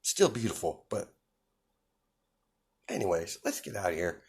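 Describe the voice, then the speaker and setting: A man's voice: low-pitched, big pitch swings, a little slow, a little mellow, breathy edge, full character voice. A man voicing a doting, ruthless mother. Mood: amused. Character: doting, fierce middle-aged mother, proud and ruthless.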